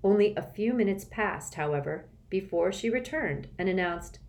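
A woman's voice: mid-range voice, normal speed. A woman reading a children's novel aloud as an audiobook narrator. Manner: expressive storytelling.

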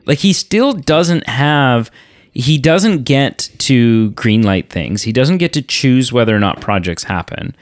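A man co-hosting a casual movie podcast, explaining things in a measured way with frequent fillers. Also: mid-range voice, lively intonation, no echo, studio quality. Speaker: podcast co-host. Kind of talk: casual chat.

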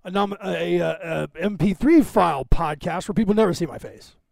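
Gravelly, rambling podcast host man. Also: high voice, brisk, a little mellow, no echo. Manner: digressive, self-assured, talks in asides and tangents. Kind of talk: rambling casual monologue.

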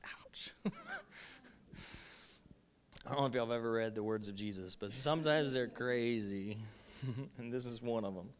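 A male pastor delivers a sermon before a congregation in a mid-range, brisk voice. His delivery is emphatic, repetitive, and conversational.

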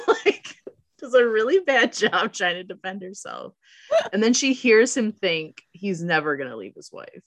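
A woman's voice: mid-range voice, very animated, normal speed, no room sound, studio quality. A woman casually recapping a TV episode as a podcast co-host, acting out characters' lines and laughing often. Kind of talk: casual chat.

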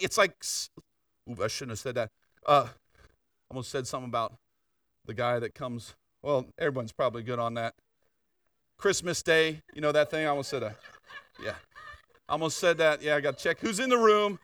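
A man's voice: on the high side, very animated, fairly quick, fairly bright tone, no echo, clean studio sound, recorded from a distance. An older man preaching a sermon in a conversational storytelling way, full of asides and questions to the congregation. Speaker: pastor.

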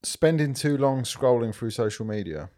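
A man's voice: medium pitch, animated, moderate pace, dark tone. A man co-hosting a podcast, chatting casually, teasing his friend and laughing easily. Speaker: podcast co-host. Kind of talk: casual chat.

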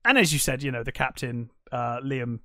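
A man's voice: medium pitch, gravelly, dry recording, clean studio sound. A British man co-hosting a movie review podcast, chatting casually and agreeing readily. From Britain. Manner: animated, chatty, quick to agree. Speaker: podcast co-host.

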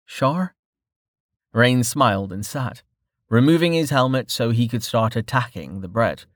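A man narrating a fantasy novel in an even, steady way. His voice sits at a middle pitch. The sound is close-miked and dry, with no room sound. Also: moderate pace, no echo. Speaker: audiobook narrator. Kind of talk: scripted narration.

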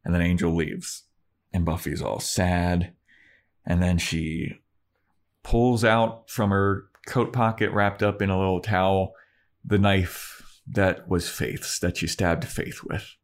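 A man with a notably low, deep voice talks through a TV episode plot in a casual podcast chat. His retelling is loose and peppered with profanity, moving from scene to scene. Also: slow. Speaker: podcast co-host.

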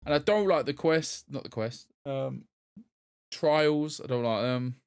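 A man's voice: mid-range voice, a little slow, clean tone. A young man co-hosting a casual gaming podcast, rambling with lots of restarts and laughing at his own jokes. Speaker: podcast co-host. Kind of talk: casual chat about video games.

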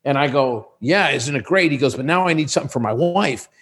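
A man's voice: fairly high pitch, a little fast. A man in his sixties, a podcast guest, chatting casually and acting out the voices of people in his stories. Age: 60s. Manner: animated storyteller who acts out quoted dialogue. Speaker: guest, sexual wellness business owner.

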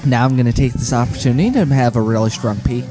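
A man's voice: medium pitch, quick pace, over music. A man co-hosting a podcast, chiming in with dry wisecracks in casual banter. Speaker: podcast co-host.

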